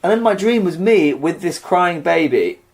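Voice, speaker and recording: A man's voice: high-pitched, expressive, moderate pace. A young man co-hosting a podcast, rambling through a story with casual chat. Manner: rambling storytelling with fillers and restarts. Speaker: podcast co-host.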